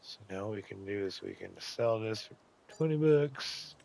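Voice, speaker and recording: A man hosting a casual game tutorial, chatting to himself and getting excited as he builds. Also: fairly low pitch, a little slow, vocal fry. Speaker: gaming channel host.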